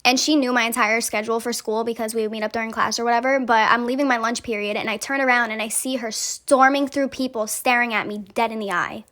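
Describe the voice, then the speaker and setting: Young woman spilling a story, lots of likes and cussing, quick and kinda high, dry sound. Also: fairly even intonation, a bit bright, no echo. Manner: chatty, peppered with "like" and swearing. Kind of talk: casual storytime.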